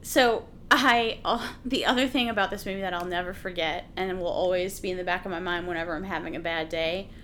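A woman's voice: fairly low pitch, steady tone, a little fast, few pauses, pushed and bright, slight background noise. A woman in casual chat about a film, enthusiastic and laughing, swearing freely. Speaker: podcast co-host discussing a film.

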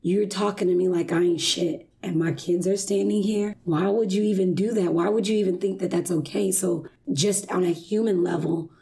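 Woman, 30s, gravelly, animated storyteller who acts out the quotes. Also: on the low side, moderate pace, hardly any pauses. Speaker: guest telling a story. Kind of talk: casual conversation.

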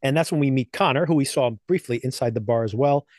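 A man's voice: medium pitch, fast, darkish tone, no echo. A man co-hosting a podcast, casually recapping and reviewing TV episodes with loose, chatty phrasing. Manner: loose, chatty recapping with frequent laughs and fillers. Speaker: podcast co-host.

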